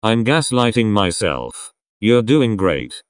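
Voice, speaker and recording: Young guy rambling sarcastic reactions, lowish voice but super animated, dry close sound. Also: no echo. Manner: rambling, sarcastic, fast asides. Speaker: reaction video host. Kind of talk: casual reaction commentary.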